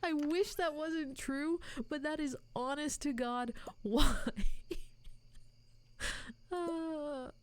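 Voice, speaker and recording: A woman's voice: sits high, extremely slow, pauses often, no echo. A woman streaming a game, chatting casually to her viewers and to the game, self-mocking and laughing often. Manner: talks to chat and to the game. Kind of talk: casual live-stream chat while playing.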